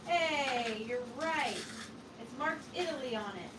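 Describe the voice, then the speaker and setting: A woman's voice: high-pitched, lively intonation, slow, very noisy. A woman hosting a live online sale, chatting casually with viewers in a giggly, joking way. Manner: chatty and giggly, jokey asides.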